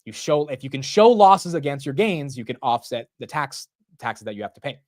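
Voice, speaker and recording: A man in his twenties hosting a casual live market stream, rambling and excitable, often saying bro and dude. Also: mid-range voice, brisk, no echo. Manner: rambling with frequent restarts. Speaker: stock market livestream host.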